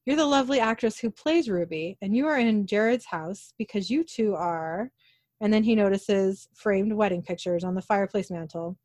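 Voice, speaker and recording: At a moderate pace and medium pitch, with no echo, a woman hosting a podcast animatedly walks through a TV episode in casual talk. She reads out the characters' lines in her own voice.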